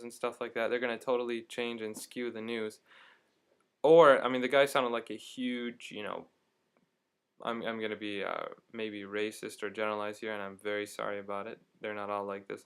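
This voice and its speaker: A young man casually telling a story to his camera at home, chatty and animated, with many fillers. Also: medium pitch, clean tone. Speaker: vlogger.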